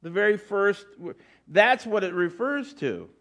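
Male pastor, middle-aged, sermon, conversational, slightly high voice. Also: very animated, unhurried, fairly bright tone. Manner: conversational preaching with frequent restarts and asides.

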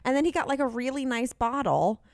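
A woman's voice: sits high, animated, fairly quick, no room sound. Chatty woman telling rambling stories, dry sound. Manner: chatty storyteller, rambling with many fillers. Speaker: podcast co-host. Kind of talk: casual chat.

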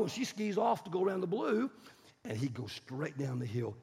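A man with a raspy, gravelly voice delivers a sermon as a story. He swings between loud bursts and hushed passages, pitched slightly high. A long hall reverb hangs on every word. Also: sing-song, moderate pace.

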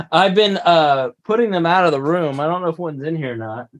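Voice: mid-range voice, normal speed, no room sound. A podcast co-host in casual comedy chat, giggling and laughing a lot.

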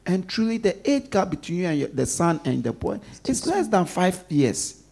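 A man preaching a sermon in a call-and-response style, swinging between loud stresses and soft asides and leaving questions for the congregation to finish. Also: high voice, very animated, normal speed, vocal fry, husky.

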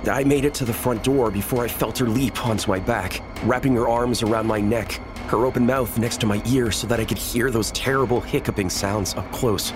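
A man narrating a first-person horror story in a measured, tense storytelling manner. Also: mid-range voice, fairly even intonation, music in the background.

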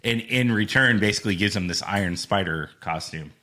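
A man's voice: fairly low pitch, brisk, bright, forceful tone. A man co-hosting a podcast, explaining comic plots in a laid-back, agreeable way. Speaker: podcast co-host.

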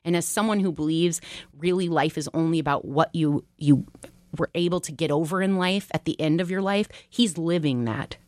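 A woman in her forties with a low-pitched voice tells stories in a casual podcast chat, open and emotional. The sound is dry and close, with no room around her. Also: normal speed, dry recording. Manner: emotional, animated storyteller with laughs. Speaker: talk show co-host.

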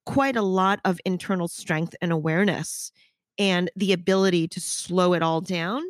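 A woman's voice: lowish voice, fairly even intonation, moderate pace, dry recording, studio quality. A woman hosting a podcast interview, talking frankly and emphatically and swearing casually. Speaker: podcast host. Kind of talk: candid interview conversation.

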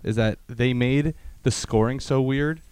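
A man's voice: medium pitch, unhurried, a little mellow, clear, resonant tone. A young man hosting a casual chat among friends, rambling with lots of fillers and restarts. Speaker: podcast host.

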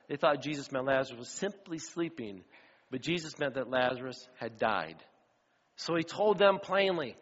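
A middle-aged man preaching a sermon as pastor, animated storyteller who acts out the voices of the people in his stories. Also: on the high side, moderate pace. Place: church sanctuary. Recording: dull sound with long hall reverb.

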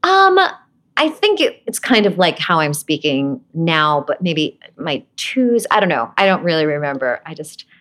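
A woman's voice: low voice, normal speed. A woman from Brooklyn, an actress being interviewed, telling stories casually and laughing often. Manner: laughs often, animated storytelling.

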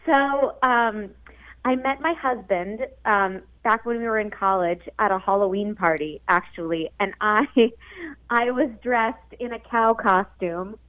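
A woman calling in to a radio show, chatty and quick to laugh. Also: mid-range voice. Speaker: caller. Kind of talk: phone call to radio show. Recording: tinny phone line.

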